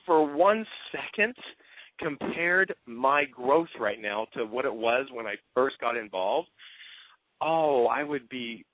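A man's voice: medium pitch, a little hiss or hum. A man giving an earnest, openly emotional motivational talk as a team coach. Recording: tinny phone-line sound.

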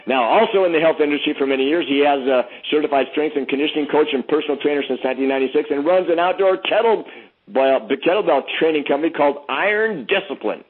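A man's voice: on the high side, fast, breathy edge. A man hosting a conference call, introducing a guest with effusive praise and frequent restarts. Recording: phone-line conference call.

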